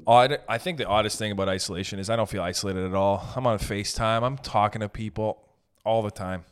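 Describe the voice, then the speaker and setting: A young man doing a casual comedic monologue, rambling and joking with swerving pitch and pace. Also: a little fast, clean tone. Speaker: comedian host.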